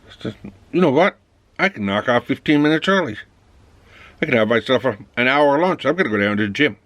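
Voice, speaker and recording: Man, casual vlog monologue, rambling, mid-pitched voice, dry close sound. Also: animated, brisk, a bit bright, no room sound. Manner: rambling, plays both sides of dialogues. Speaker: vlogger. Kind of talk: casual monologue acting out office scenes.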